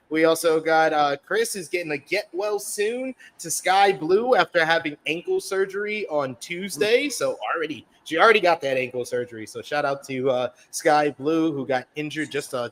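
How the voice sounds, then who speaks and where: A man's voice: on the high side, fairly bright tone. A man hosting a casual wrestling review podcast, reading viewer chat messages aloud in a chatty way. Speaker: podcast host. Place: based in the UK.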